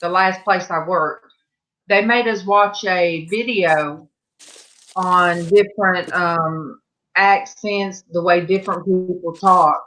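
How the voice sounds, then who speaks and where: A woman hosting a live stream, chatting casually with viewers in a slow, rambling way. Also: lowish voice, steady tone, fairly bright tone. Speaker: livestream host. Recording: muffled lo-fi audio.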